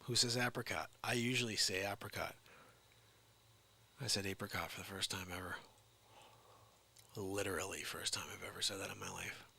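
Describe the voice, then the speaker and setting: A man's voice: sits low, steady tone, normal speed, creaky, long pauses, bright, forceful tone, husky. A man rambling in a jokey, drifting monologue as a vlogger.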